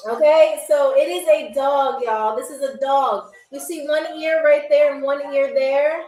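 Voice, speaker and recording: A woman's voice: sits high, fairly even intonation, a little slow, a little mellow, far from the mic. A woman hosting a live-stream game show, chatty and teasing as she reads viewer comments aloud. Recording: roomy, off-mic, faint music behind. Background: faint background music.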